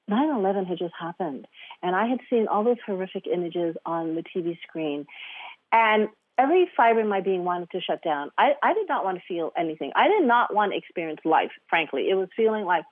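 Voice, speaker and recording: A woman's voice: medium pitch, expressive, fairly quick, no room sound. A woman from Guam, a therapist, telling a story in an interview, acting out quoted voices and laughing often. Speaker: guest, eating disorder therapist. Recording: tinny phone-line sound, dry.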